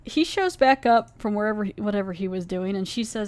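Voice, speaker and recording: A woman's voice: medium pitch, darkish tone, smooth, dry recording. A woman podcast host recapping a horror episode in a chatty, casual way, acting out the characters' lines as she goes. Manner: chatty, acts out lines in quick voices.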